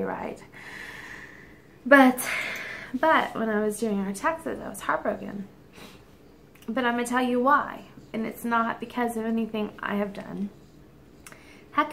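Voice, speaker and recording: A woman's voice: medium pitch, gravelly, slight background noise. A middle-aged woman teacher talking candidly at home in a casual vlog, chatty with frequent ums. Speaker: teacher and vlogger. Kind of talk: casual personal vlog chat.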